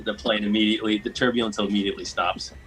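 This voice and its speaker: Low-voiced man rambling through a film recap. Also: steady tone, over music, poor audio. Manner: rambling, acts out quotes in quick bursts. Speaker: podcast host. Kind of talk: casual chat recapping a film.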